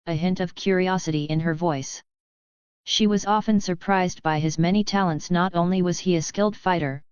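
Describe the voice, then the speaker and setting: A woman reading a web novel aloud as a narrator, in an even, gentle storytelling manner. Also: lowish voice, smooth, no echo, highs cut off. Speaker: audiobook narrator. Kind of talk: scripted narration.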